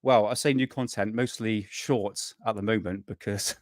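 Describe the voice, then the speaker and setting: A man's voice: fairly low pitch, fairly even intonation, normal speed, darkish tone. Rambling guy on a live stream. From United Kingdom. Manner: rambling, swears freely, greets chat viewers. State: burnt out. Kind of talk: casual live stream chat.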